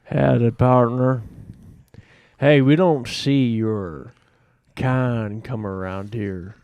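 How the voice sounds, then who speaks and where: A man's voice: mid-range voice, smooth, no room sound, narrow, tinny audio. A man voicing a drawling old-west cowboy in an improvised comedy skit. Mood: gruff drawl. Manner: slow exaggerated drawl.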